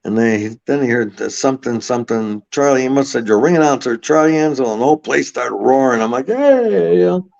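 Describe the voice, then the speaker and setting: A man's voice: medium pitch, steady tone, fast talker, vocal fry, hardly any pauses, darkish tone. Rambling, swearing man telling stories. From Buffalo, New York. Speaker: podcast guest. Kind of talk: casual storytelling. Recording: slightly muffled audio.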